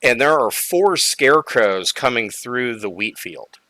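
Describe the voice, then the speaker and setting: A man running a tabletop game as game master, narrating scenes in a relaxed, halting way with frequent fillers. His voice is bright and clear, and the recording is close and dry. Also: mid-range voice, no echo, rough recording.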